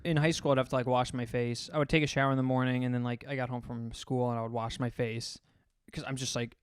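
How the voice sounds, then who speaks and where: A man's voice: medium pitch, little pitch movement, quick pace, clean tone. A young man co-hosting a comedy podcast, rambling through crude stories in casual banter. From United States. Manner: crude, rambling storyteller with acted quotes.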